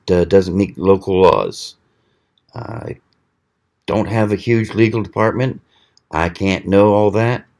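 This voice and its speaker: A man hosting his own channel, talking casually in a slow, rambling way with many pauses and fillers. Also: on the low side, a little mellow. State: hiccuping. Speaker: channel host. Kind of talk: casual knife review vlog.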